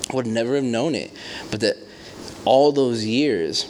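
Animated man telling stories in a sermon. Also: medium pitch, measured pace, slight background noise. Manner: animated storytelling with acted quotes and many fillers. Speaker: pastor. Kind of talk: conversational sermon.

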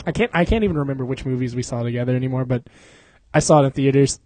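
A man's voice: mid-range voice, very fast, warm tone, dry recording. A young man co-hosting a podcast in casual chat, rambling, slangy and laughing often. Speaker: podcast co-host.

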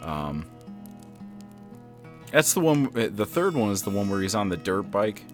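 Casting: relaxed, wry man, lower voice, faint guitar music under him. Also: unhurried. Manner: laid-back, wry, says "dude" a lot. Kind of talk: casual chat.

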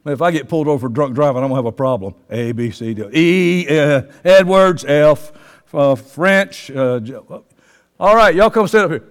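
Fiery preacher in a reverberant church. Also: male voice, on the high side, sing-song, normal speed. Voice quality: passionate, swings from soft to shouting. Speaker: pastor. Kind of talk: fiery sermon. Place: church sanctuary. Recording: long reverb of a church hall.

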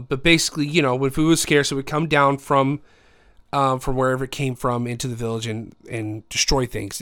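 A man co-hosting a podcast in casual chat, teasing his friend, swearing freely and telling a story with lots of fillers. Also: medium pitch. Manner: teasing, swears freely, laughs loudly when flustered. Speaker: podcast co-host.

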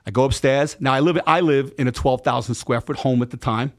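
A middle-aged man telling a personal story in a casual interview, emphatic and animated. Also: medium pitch, a little fast. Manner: emphatic, animated retelling with acted quotes and profanity. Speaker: podcast guest.

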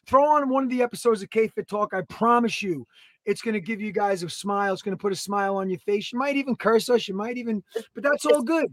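A man in his thirties co-hosting a podcast, talking loudly in an excitable, joking and profane way. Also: high-pitched, quick pace, dry recording. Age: 30s. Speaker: podcast co-host. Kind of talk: casual podcast banter.

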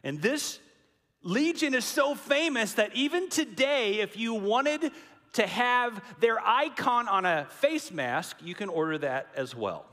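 Man, pastor, dramatic sermon, emphatic, lively rise and fall, fairly high voice, long reverb in a large hall. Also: a little slow.

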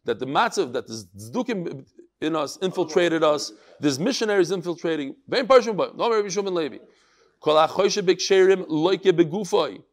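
A man giving a Talmud class lecture, explaining quickly and acting out the people he quotes. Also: a little high. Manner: animated, acts out quoted speakers. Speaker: Talmud teacher.

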